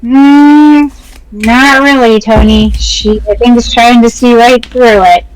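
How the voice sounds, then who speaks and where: A woman's voice: fairly high pitch, steady tone, takes it slowly, clean tone, low-quality recording. A woman playing her character in a tabletop game, sweet and eager, stammering at times. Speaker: player.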